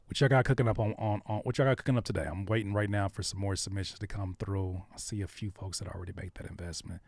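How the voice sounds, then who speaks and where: A man hosts a live stream in a laid-back way, chatting casually and addressing his viewers directly. His low, darkish voice moves at a quick pace with fairly even intonation, and there is no echo.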